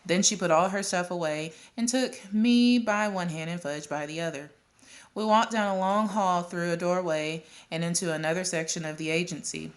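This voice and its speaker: A woman reading a children's novel aloud at a steady pace, with occasional coughs and restarts. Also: lowish voice, normal speed. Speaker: audiobook reader.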